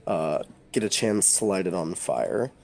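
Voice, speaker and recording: Slow, halting man running a tabletop game. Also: deep voice, very animated, vocal fry, heavy background noise. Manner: slow, halting narration with many fillers. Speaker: game master.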